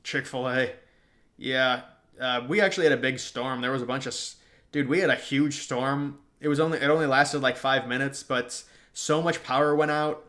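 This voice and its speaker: A man's voice: medium pitch, steady tone, moderate pace, fairly bright tone. A young man hosting a livestream, reading chat and replying in a loose, slangy way. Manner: casual, slangy, reacting to chat and trailing off. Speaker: livestream host. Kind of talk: casual political livestream chat.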